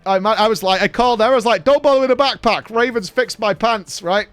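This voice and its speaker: A man's voice: sits high, brisk, clean tone, no room sound, soft background music. A man, hosting a casual podcast and telling a story with lots of swearing and laughter. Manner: animated, swears a lot, laughs through the story. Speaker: podcast host.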